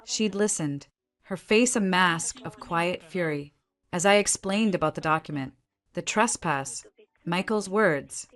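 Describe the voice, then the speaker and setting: Woman, storyteller, scripted first-person narration, steady, measured, low-pitched.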